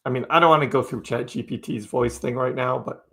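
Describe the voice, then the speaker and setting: A man of ordinary pitch hosts a casual crypto live stream. He talks in a loose, chatty way, reads out viewer comments and answers them by name. He laughs often and keeps the tone easygoing. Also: steady tone, normal speed, gravelly, bright, forceful tone, breathy edge.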